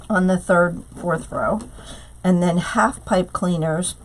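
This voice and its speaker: A middle-aged woman with a hoarse voice from a cold, chatting through a live craft tutorial and greeting viewers by name. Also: on the low side. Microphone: tablet streaming live.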